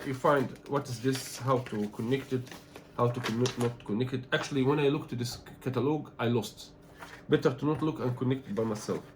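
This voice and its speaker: A man from Egypt, not an English speaker, talking through an unboxing as a tech reviewer, animated and complaining in loose phrasing. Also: mid-range voice, noisy background. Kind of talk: casual unboxing vlog.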